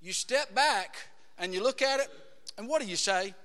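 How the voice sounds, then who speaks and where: Preacher, male, high bright voice, emphatic sermon delivery, church reverb. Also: lively intonation, moderate pace. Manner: emphatic, rising to shouts, quotes scripture in acted voices. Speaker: pastor. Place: church sanctuary. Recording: long hall reverb.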